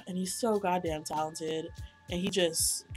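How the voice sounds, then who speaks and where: A young woman vlogger chatting casually about a concert, gushing, excitable and full of slang and swearing. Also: lowish voice, measured pace, soft background music. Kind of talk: casual concert recap chat.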